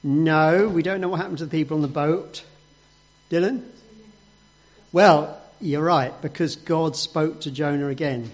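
A man telling a story to children in an animated, playful voice that sits fairly high. He acts out each moment with lively swings in his voice. The recording is dull and lo-fi. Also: unhurried.

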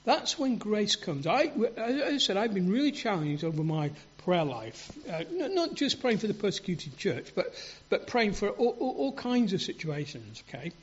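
A man preaching a sermon in an earnest, halting way, often repeating and restarting words. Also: high-pitched, very animated, slightly rough. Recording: dull lo-fi sound.

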